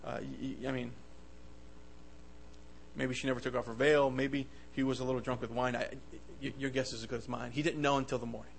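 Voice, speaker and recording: A man preaching a sermon with passion, swinging between loud bursts and soft asides, often stammering and restarting his words. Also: mid-range voice, little pitch movement, fairly quick, creaky, a little hiss or hum, poor audio.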